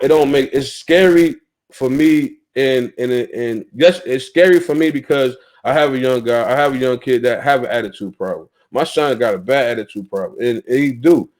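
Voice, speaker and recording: A man's voice: mid-range voice, darkish tone. Blunt, heated Southern man. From North Carolina, US. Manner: blunt, heated and profane, with restarts. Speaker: podcast host. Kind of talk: casual talk-show monologue.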